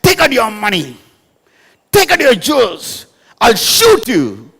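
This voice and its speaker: A man's voice: very high voice, huge pitch swings, takes it slowly, vocal fry, sharp tone, slightly rough, voice pushed up, exaggerated voice. A man voicing a menacing male train robber who barks demands, in a reverberant hall. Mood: threatening. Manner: barking demands.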